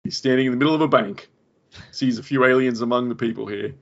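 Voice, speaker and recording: An Australian man hosts a relaxed podcast movie review. He recounts scenes with enthusiasm and often laughs. His voice has a gravelly edge and sounds a little muffled on his home mic. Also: mid-range voice, quick pace. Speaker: podcast host. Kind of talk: casual movie review chat.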